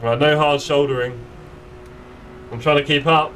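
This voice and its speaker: A man's voice: on the high side, fairly even intonation, moderate pace, a bit bright, distant mic, slight background noise. Chatty man streaming a racing game. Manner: chatty, playful banter while driving. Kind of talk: live gameplay chat. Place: home sim racing setup.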